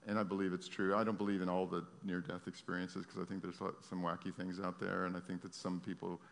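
A man preaching a sermon, moving from loud, fervent pleading to quiet, earnest storytelling. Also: sits low, flat delivery, fast talker, vocal fry. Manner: swings from loud impassioned pleading to soft storytelling. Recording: long hall reverb.

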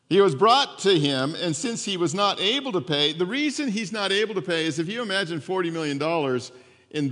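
A man preaching a sermon as pastor. He retells the story conversationally, with lively asides to the congregation. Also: fairly high pitch. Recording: long hall reverb.

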